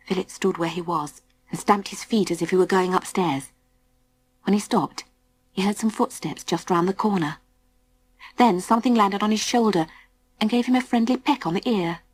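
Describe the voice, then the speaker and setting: A woman narrating a children's storybook in a gentle, suspenseful, often hushed way. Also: medium pitch, slightly rough. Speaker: audiobook narrator.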